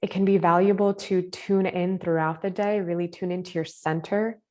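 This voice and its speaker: A woman teaching a live online spiritual masterclass over a video call. She talks in a gentle, casual way with many filler words. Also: fairly low pitch, fairly even intonation, normal speed.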